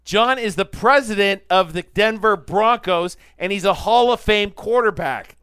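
A man's voice: high-pitched, measured pace, a bit bright, clean tone, no room sound, studio quality. A middle-aged man hosting casual sports talk, rambling through stories and arguing his points with rising energy. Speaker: sports talk show host. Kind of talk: casual sports radio banter.

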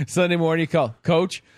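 A man co-hosting a sports podcast, joking and often restarting his sentences. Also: medium pitch. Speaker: podcast co-host. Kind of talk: casual sports chat.

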